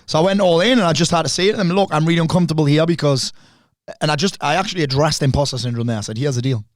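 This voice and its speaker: A brash, straight-talking man appears as a podcast guest, a speaker and coach, in a candid conversation. His slightly high voice is blunt and fast-talking, with heavy swearing. The close, dry mic picks up no room sound.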